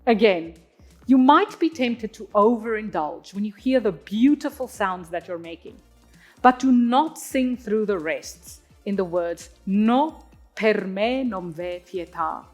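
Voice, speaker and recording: A woman, an opera singer, giving a clear, teacherly singing lesson and sounding out Italian words as she explains. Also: medium pitch, animated, measured pace, a little mellow, soft background music. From South Africa. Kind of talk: instructional talk on singing.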